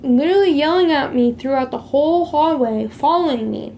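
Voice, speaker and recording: Chatty woman with a gravelly edge. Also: sits high, brisk, darkish tone, slight background noise. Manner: chatty, heavy use of "like"; emphatic retelling of a past conflict. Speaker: vlogger sharing a faith testimony. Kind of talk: casual personal storytelling.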